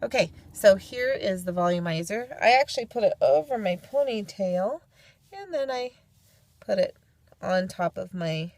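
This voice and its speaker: A woman's voice: medium pitch, expressive, unhurried, a little mellow, dry recording. A young woman from California giving a casual how-to tutorial at home, chatty and homey with playful asides. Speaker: vlogger demonstrating head covering.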